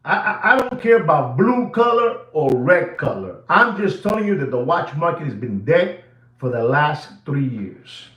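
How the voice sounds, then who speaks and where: Animated man ranting with tinged speech. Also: on the high side, moderate pace, roomy sound, low-quality recording. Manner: repetitive, animated, emphatic, addresses ladies and gentlemen. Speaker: watch channel host. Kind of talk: livestream rant.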